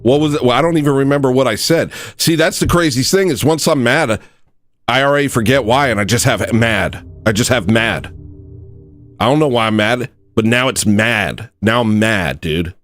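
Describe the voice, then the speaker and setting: A young man hosting a comedic livestream, rambling and self-mocking, dropping to low mutters and jumping up to loud yells. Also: moderate pace, soft background music. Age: young adult. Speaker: livestream host.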